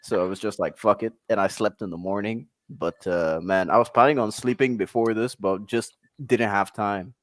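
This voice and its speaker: A man's voice: on the low side, moderate pace, few pauses, dry recording. A man co-hosting a late-night live stream, chatty and prone to swearing. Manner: lively, laughing, swearing. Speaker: stream co-host. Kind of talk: casual late-night riffing chat.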